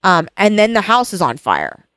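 A woman in casual conversation retelling a novel's plot, now and then reading passages aloud in a soft voice. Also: medium pitch, wildly swooping pitch, moderate pace, no room sound, studio quality. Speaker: book discussion co-host. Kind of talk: casual chat.

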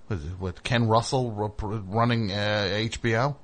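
A man's voice: fairly low pitch, moderate pace, fairly bright tone. A man hosting a call-in radio show, teasing and needling the caller. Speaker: host.

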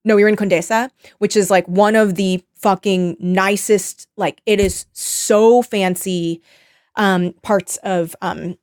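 A woman's voice: medium pitch, no room sound, studio quality. A woman co-hosting a podcast, telling a story in casual chat that rambles, swears and is full of fillers. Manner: rambling, profane, lots of fillers. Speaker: podcast co-host.

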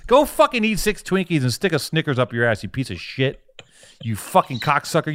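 A man's voice: a little high, very animated, a little fast. A man co-hosting a casual podcast, swearing often and ranting in mock anger at his friend. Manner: swears often, mock rage, loud bursts. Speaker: podcast co-host.

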